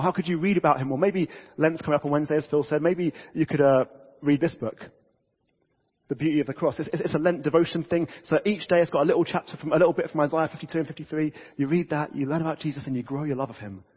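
A man preaching a casual, lively sermon to a church congregation, talking conversationally with frequent restarts. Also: on the high side, breathy edge. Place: church hall. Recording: dull reverberant church audio.

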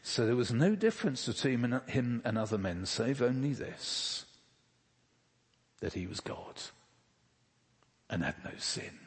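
A man's voice: mid-range voice, expressive, measured pace, pauses often, slightly rough, long reverb tail. A man preaching a sermon in a conversational way, asking rhetorical questions and dropping casual asides. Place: church.

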